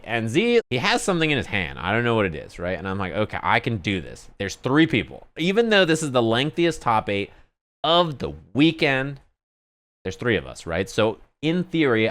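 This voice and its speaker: A male streamer tells a story in a casual, animated way, cursing freely and checking in with his listeners. His voice is low and smooth, with a clean, resonant tone. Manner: animated, profane, conversational storytelling. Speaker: streamer and commentator.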